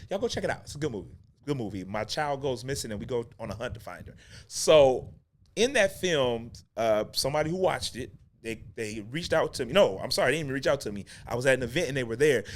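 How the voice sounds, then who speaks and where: A middle-aged man hosting a talk show for actors, ranting with emphatic repeats and casual slang. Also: mid-range voice. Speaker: acting coach and podcast host. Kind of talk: unscripted talk-show rant.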